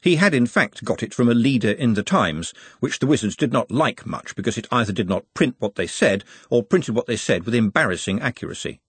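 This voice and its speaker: A man's voice: medium pitch, lively intonation, fairly quick, few pauses, slightly rough, dry recording. A man reading an audiobook aloud in a dry, wry narrating voice. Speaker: audiobook reader. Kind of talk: scripted narration.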